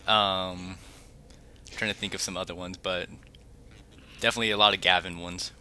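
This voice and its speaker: A man with a very low voice and a sharp, bright edge talks haltingly, often trailing off and starting over. He speaks over a home voice call with a faint hiss behind him. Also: flat delivery. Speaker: podcast co-host and editor. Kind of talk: casual chat.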